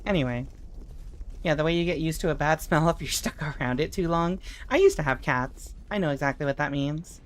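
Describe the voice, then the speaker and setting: A young adult woman streams a game and chats casually with her chat, breaking into expressive, swearing outbursts. Her voice is low-pitched and a little fast.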